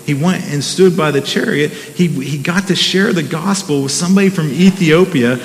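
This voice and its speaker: A man's voice: fairly high pitch, moderate pace, big-room sound, low-quality recording. A middle-aged man preaching a sermon as pastor, talking conversationally, restarting phrases and throwing in "come on" asides.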